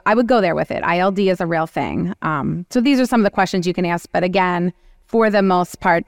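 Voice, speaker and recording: A woman moderating a medical education panel, talking animatedly and acting out quick exchanges with patients. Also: fairly low pitch, clear, resonant tone, no room sound, clean studio sound. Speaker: panel moderator, oncology clinician. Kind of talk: continuing-education panel discussion.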